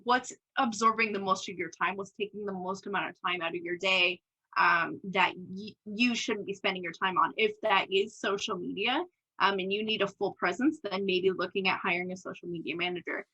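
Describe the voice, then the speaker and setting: A young woman with a bright, forceful voice talks openly as a podcast guest. She laughs easily and slips into little acted quotes of her own past thoughts, in relaxed, candid conversation. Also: medium pitch, brisk, lo-fi sound. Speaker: podcast guest, business owner. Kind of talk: casual interview chat.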